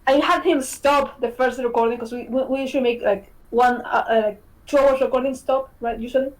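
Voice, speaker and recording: A woman's voice: high-pitched, fairly even intonation, fairly quick, poor audio. A woman hosting a podcast, chatting casually and animatedly, swearing and laughing often. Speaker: podcast host, game developer. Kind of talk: casual chat.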